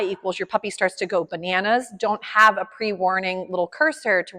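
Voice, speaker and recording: A woman's voice: mid-range voice, fairly quick, fairly bright tone, big-room sound. A woman dog trainer explaining a session to her clients, upbeat, chatty and encouraging.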